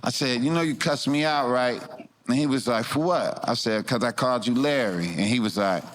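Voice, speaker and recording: A man's voice: medium pitch, brisk. A middle-aged comedian telling a loose, slangy story in casual chat, often laughing as he talks. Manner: loose, slangy, laughs through his lines.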